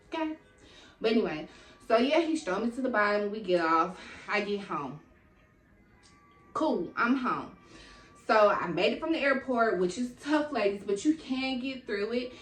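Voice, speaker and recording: A young woman telling a long, animated story in casual slang and acting out what people said. She is a little out of breath. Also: mid-range voice. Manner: animated, slangy, acts out quotes. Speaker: vlogger. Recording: echoey room, mic at a distance.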